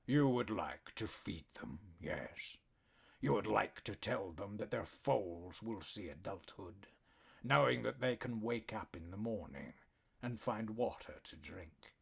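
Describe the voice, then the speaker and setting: Male narrator doing a hulking black cat warlord: deep, gravelly, slow, breathy near-whisper threats, audiobook. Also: expressive, heavily acted. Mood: quietly menacing. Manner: slow, soft-spoken threats, growling.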